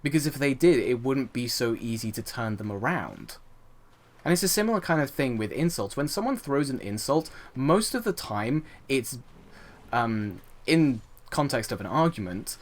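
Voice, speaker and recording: A man's voice: medium pitch, moderate pace. Man ranting over gameplay. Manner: indignant rhetorical ranting, animated; frequent fillers and restarts, swears. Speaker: let's play host.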